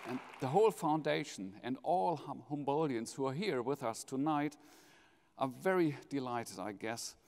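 A man's voice: mid-range voice, animated, a little mellow. German-accented man in a big hall. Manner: measured, jovial, polls the audience. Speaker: foundation president giving opening speech. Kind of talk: formal welcome speech with light humor. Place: large university hall, live audience. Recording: reverberant hall.

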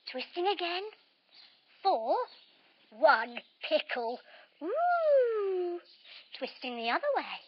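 A woman telling a story while leading a yoga lesson for children, slow, playful and sing-song, with sound effects. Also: sits high. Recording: slightly dull lo-fi audio.

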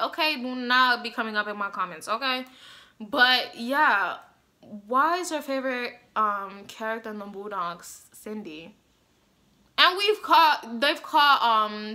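A woman's voice: on the high side, pushed and bright. A woman vlogger ranting bluntly and heatedly to the camera, swearing freely as she gives her opinions. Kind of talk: casual opinion rant to camera.

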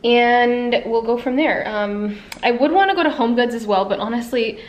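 A woman's voice: fairly high pitch, moderate pace, lo-fi sound. A woman in her twenties with a Canadian accent, chatting casually to camera at home for her vlog, full of giggles and "like" fillers. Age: 20s. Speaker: vlogger. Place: at home in an apartment.

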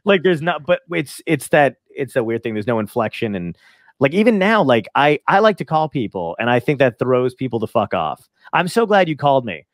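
Rambling, sweary podcast host, dry sound. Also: male voice, medium pitch, big pitch swings, no echo. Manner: swears freely, quick rambling anecdotes with laughs. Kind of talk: casual chat.

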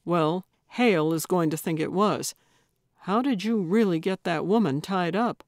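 A woman's voice: on the low side, measured pace, dry recording. A woman voicing a patient, mildly skeptical male police officer with a dry manner in an audiobook. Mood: wry.

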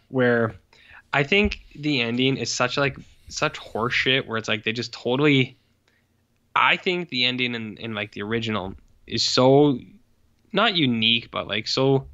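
A man's voice: medium pitch, pushed and bright. Brief: male co-host, casual swearing banter, muffled lo-fi podcast sound. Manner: jokey, sarcastic, swearing freely. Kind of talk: casual film review chat.

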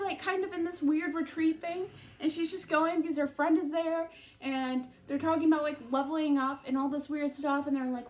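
A woman's voice: very high-pitched, normal speed. A woman giving a casual, rambling book review to camera, full of fillers and self-interruptions.

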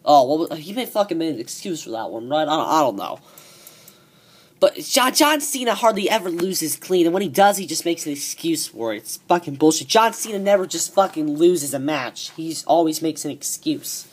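A man ranting profanely as a wrestling show reviewer, excitable and repeating himself. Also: a little high, moderate pace, slightly rough. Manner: excitable, swearing, repeats words. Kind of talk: profane rant.

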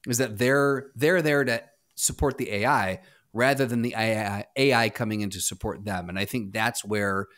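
A man co-hosting a podcast, giving reasoned opinions in a casual, measured way with frequent restarts. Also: on the low side, fairly bright tone. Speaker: podcast co-host. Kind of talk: casual chat.

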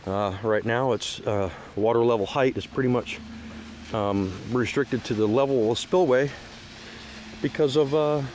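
A man talks his way through a park tour outdoors, rambling and full of fillers and restarts, now and then worked up and preachy. His voice sits at an ordinary middle pitch, with faint background noise underneath. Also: normal speed, darkish tone. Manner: rambling, hesitant with many fillers, turning heated and preachy. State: emotional, teary at times. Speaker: vlogger giving a park tour. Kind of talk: casual one-take outdoor vlog talk. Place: outdoors at a lakeside state park.

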